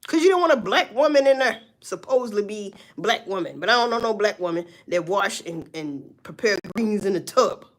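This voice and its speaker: A woman's voice: mid-range voice, brisk, hardly any pauses. A woman, ranting casually to viewers, swearing and telling stories with laughs. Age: 40s. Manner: loud, swearing, animated storytelling with laughs.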